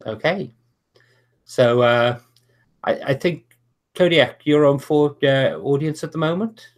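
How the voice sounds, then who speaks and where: Halting male game master on a call. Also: fairly high pitch. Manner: halting, full of restarts and "uh". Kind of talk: narrating a tabletop wrestling game. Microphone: online video call.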